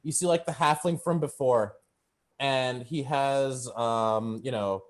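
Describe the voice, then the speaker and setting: A man's voice: medium pitch, slow pace. A man narrating as game master in a loose, rambling way with lots of fillers.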